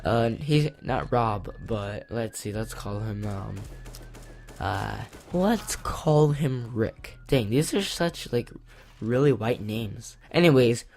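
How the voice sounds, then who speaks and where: A teenage boy telling a storytime vlog in an excitable, rambling way with lots of fillers. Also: mid-range voice, slow, vocal fry. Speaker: vlogger. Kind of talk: storytime commentary.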